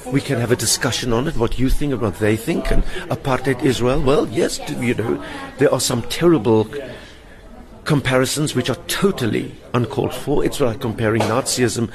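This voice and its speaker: Crowd noise fills the hotel lounge where an older South African stage performer, speaking at normal speed in a mid-range voice, is interviewed. He recounts personal stories vividly and acts out the voices of people he quotes.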